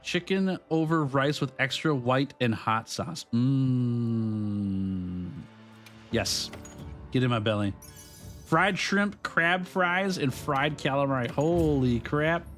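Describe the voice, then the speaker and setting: A man's voice: a little high, a bit bright. A young man casually chatting with his live-stream viewers while playing, upbeat and chatty, laughing often and greeting people by name. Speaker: streamer host. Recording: game music behind voice.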